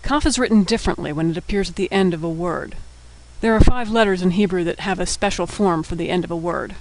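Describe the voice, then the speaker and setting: A man giving a scripted lesson, naming each letter and explaining its sound in a patient, clear way. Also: high-pitched, fast talker, poor audio. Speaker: teacher. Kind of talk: scripted instructional narration.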